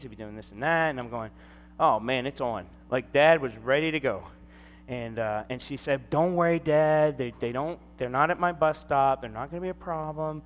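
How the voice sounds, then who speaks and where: A middle-aged man preaching a sermon, telling a personal story and acting out the voices in it. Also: mid-range voice. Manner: storytelling, animated, acts out quoted voices. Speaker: pastor. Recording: long hall reverb, faint hum.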